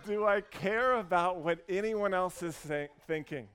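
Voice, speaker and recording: A man in his thirties preaching a sermon, earnest and warm as he tells a story, with frequent restarts. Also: high voice, a little slow. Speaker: pastor.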